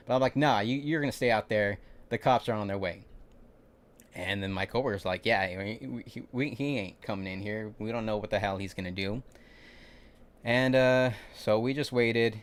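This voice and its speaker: A young Californian man with a fairly low voice talks a little fast on a casual livestream, telling a long, rambling story about his work shift. He acts out what people said in an animated way and keeps restarting his sentences.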